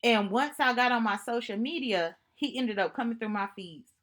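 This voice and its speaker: A woman speaking to camera in an earnest, reflective monologue, telling personal stories in an unhurried way and often repeating herself for emphasis. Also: fairly high pitch, a bit bright. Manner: earnest, thoughtful, unhurried storytelling with repetitions. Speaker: vlogger.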